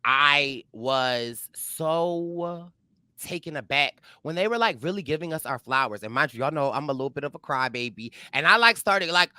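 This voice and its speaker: A young man co-hosting a podcast, telling animated stories with lots of fillers and acted-out quotes. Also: fairly high pitch, normal speed, clean tone, no room sound. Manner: animated storyteller, acts out quotes, many fillers. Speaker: podcast co-host. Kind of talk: casual chat.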